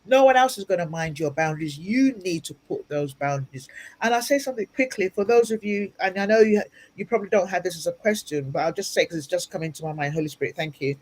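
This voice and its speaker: Fast and darkish in tone, her low-leaning voice carries earnest motivational advice as she's interviewed over a video-call mic. This guest speaker and ministry leader repeats her main points again and again for emphasis.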